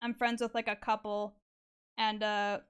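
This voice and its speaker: A woman's voice: medium pitch, level tone, a little slow, smooth. A young woman chatting casually while drawing on stream, full of fillers, swearing and frequent laughter. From Canada.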